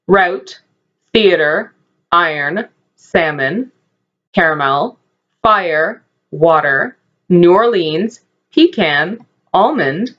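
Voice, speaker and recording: A woman's voice: lowish voice, a bit bright. Giggly woman reading a word list. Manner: giggly, playful. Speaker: vlog co-host. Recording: dull lo-fi audio.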